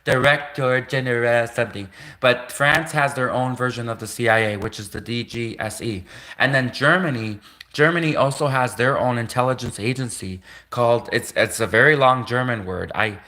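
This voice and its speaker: A man's voice: mid-range voice, moderate pace, sharp tone. Canadian guy rambling on his livestream, medium voice, keeps laughing at himself and doing mock voices of critics. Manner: digressive, laughs at own jokes, mock-quotes imagined critics. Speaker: livestream host. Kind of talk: rambling solo livestream chat.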